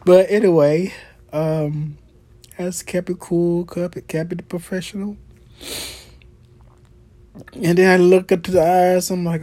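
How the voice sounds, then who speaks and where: A man's voice: high-pitched, animated, measured pace, pauses often, mellow, dry recording. A man hosting his own podcast in a brash, profane, gossipy monologue, laughing often. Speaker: podcast host. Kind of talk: casual monologue.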